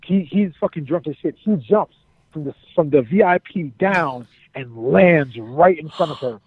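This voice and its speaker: A former wrestler, a man, telling profane, animated stories as an interview guest and repeating his phrases as he goes. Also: on the high side, moderate pace, breathy edge, no room sound. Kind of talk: casual storytelling. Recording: dry, phone-like narrow sound.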